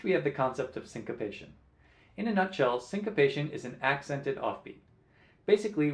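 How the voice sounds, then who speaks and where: A male guitar teacher walks through rhythms, counting the beats aloud in a clear, patient voice. His pitch moves about a lot as he stresses each syllable. The recording carries a noticeable room echo. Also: a little mellow. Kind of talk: music lesson. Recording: roomy echo.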